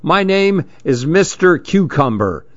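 Man doing a strict stubby bald male teacher, clipped barked orders, slow and raised voice, dull lo-fi sound. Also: a little high, sing-song, pitched above the performer's own voice. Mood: stern. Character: stern stubby bald male schoolteacher, angry.

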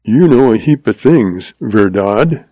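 Man reading tart young cowboy, casual drawl, mellow tone, dry close sound. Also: fairly low pitch, animated, slow pace, no echo, low-quality recording. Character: cool, tart young male cowboy lawman. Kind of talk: audiobook character voice.

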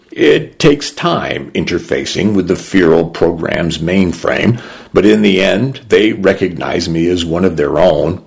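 A man narrating a story in the first person, in a measured, unhurried and somber way. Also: sits low, expressive, vocal fry.

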